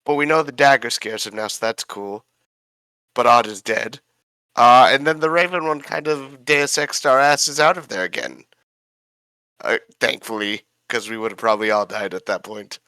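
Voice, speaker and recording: A man's voice: mid-range voice, steady tone, moderate pace, sharp tone, clean tone, no echo. A man recapping a tabletop game session in a rambling, profane, casual way, often fumbling names.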